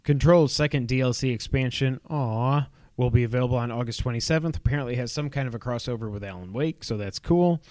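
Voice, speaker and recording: A man's voice: medium pitch, quick pace, hardly any pauses, a little mellow, no room sound. A man co-hosting a casual podcast, reading through gaming news with wry asides. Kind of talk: casual chat.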